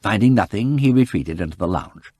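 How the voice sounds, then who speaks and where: A man narrating a mystery novel as an audiobook in an expressive, animated storytelling style. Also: lowish voice, a little fast, breathy edge, dry recording. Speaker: audiobook reader. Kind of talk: scripted narration.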